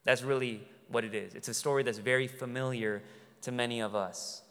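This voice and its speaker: A man delivering an earnest sermon in a smooth, resonant voice. He swings from loud, emphatic lines to quiet, tender ones. His words carry a long reverb from a large hall. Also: medium pitch, fairly even intonation, brisk. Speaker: pastor.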